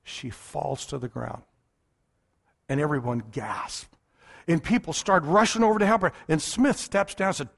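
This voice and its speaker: High-voiced emphatic male preacher. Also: vocal fry, breathy edge. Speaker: pastor. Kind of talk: sermon.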